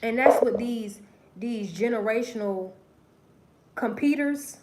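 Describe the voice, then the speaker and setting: A woman's voice: unhurried, heavy background noise. A woman hosting a livestream, telling a story in a profane, preachy way and speaking straight to her viewers. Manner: swings between low murmurs and loud emphatic bursts. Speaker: livestream host. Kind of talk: casual livestream monologue.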